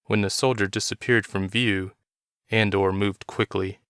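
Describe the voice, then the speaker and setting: Man, low voice, smooth, steady story narration, dry recording. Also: unhurried, no echo. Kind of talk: reading a story aloud.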